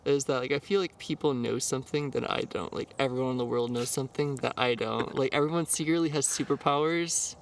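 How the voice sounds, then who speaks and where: A young man hosting a casual podcast, easygoing and quick to laugh. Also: medium pitch, steady tone, slight background noise. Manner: giggly, easygoing, agreeable. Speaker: podcast host.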